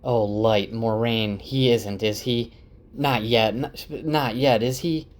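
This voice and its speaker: A man's voice: medium pitch, steady tone, slow, lightly acted. A man voicing an earnest young woman who frets and repeats herself, in a slightly raised voice. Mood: fretful.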